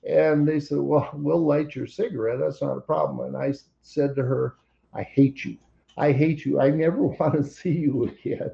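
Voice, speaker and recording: Older man, gravelly voice, a bit high, wry plainspoken storyteller, dull lo-fi call audio. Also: fairly even intonation, moderate pace, few pauses. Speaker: storyteller interviewed by his daughter. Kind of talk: recorded personal story over a call. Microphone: computer call.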